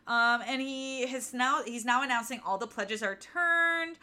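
A woman's voice: sits high, a little slow, sharp tone. A woman co-hosting a casual book-recap podcast, exasperated and ranting, swearing freely. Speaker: podcast co-host.

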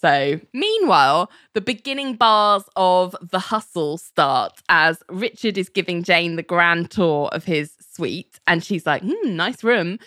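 A woman's voice: lowish voice, a little slow, hardly any pauses, no echo. A woman hosting a casual chat, retelling scenes from a show and acting out the quoted lines. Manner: animated storyteller, acting out quoted lines in put-on voices. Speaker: podcast host recapping a TV episode.

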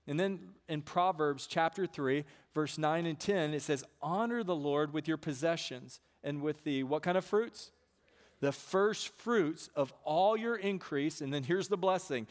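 A man preaching a sermon as a pastor, emphatic and given to repeating words and asking "right?" of his listeners. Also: a little high.

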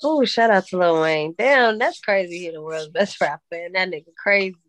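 A woman's voice: fairly low pitch, normal speed, fairly bright tone. A woman co-hosting a casual podcast chat, playful and slangy, laughing often. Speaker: podcast co-host.

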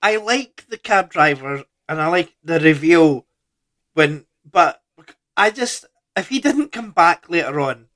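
A man's voice: a little high, expressive, measured pace, fairly bright tone. A man co-hosting a podcast, chatting casually about a film in a loose, laid-back way with trailing sentences. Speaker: podcast co-host.

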